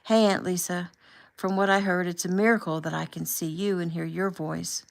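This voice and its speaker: A woman voicing a young man on deployment, speaking softly and tenderly, with a low, gravelly tone. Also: steady tone, moderate pace. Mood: warm. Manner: soft, quiet, affectionate.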